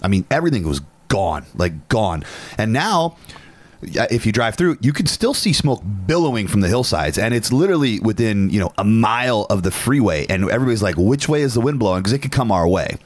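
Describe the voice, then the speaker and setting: A young adult man from Northern California co-hosting a podcast, telling a story in an animated, casual way and swearing freely. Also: fairly low pitch, brisk, dry recording. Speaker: podcast co-host. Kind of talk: casual chat.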